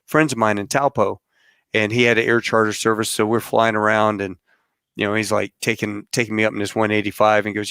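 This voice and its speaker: A male podcast host signing off his guests and telling a rambling, animated travel story. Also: lowish voice, fairly quick, clear, resonant tone, no room sound, studio quality. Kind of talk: casual interview sign-off and storytelling.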